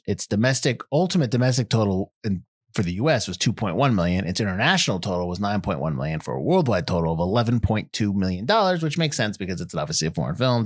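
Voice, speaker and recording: American male host, rambling and self-correcting, lively pitch. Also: no room sound, clean studio sound. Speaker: podcast host. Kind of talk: casual chat.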